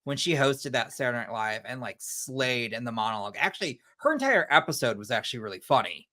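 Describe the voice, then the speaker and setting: A man's voice: mid-range voice, very animated, fast, bright, forceful tone. A man co-hosting a horror podcast, chatting casually and gushing with slangy asides. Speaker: podcast co-host. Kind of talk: casual chat.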